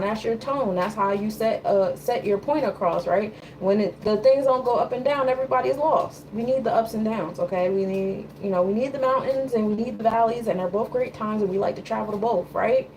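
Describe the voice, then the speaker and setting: A woman's voice: medium pitch, darkish tone, a little hiss or hum, low-quality recording. A woman giving a loose, conversational tarot and astrology reading. She often checks in with her listener. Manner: loose, conversational, repeats "you know what I'm saying". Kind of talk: casual live reading.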